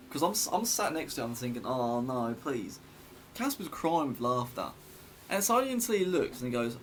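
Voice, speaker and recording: A man's voice: medium pitch, a little hiss or hum. A young man telling a story in a casual vlog, rambling and chatty with many fillers and restarts.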